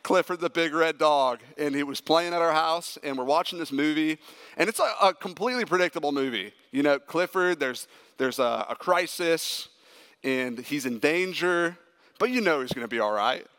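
Guy preaching a sermon, kinda high gravelly voice, lots of hall reverb. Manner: emphatic, animated storytelling. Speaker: pastor. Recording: echoey hall with long reverb.

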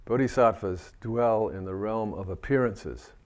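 A man with a fairly low voice delivers a Buddhist dharma talk. He speaks gently and reflectively, working his way through ideas and often restarting phrases as he searches for words. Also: a little slow. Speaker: Buddhist teacher.

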